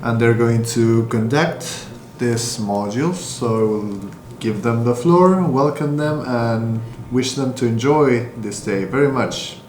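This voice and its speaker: A man's voice: medium pitch, slow, few pauses, darkish tone, roomy sound, slight background noise. A man moderating a conference session, making hesitant formal introductions. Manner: hesitant, many fillers.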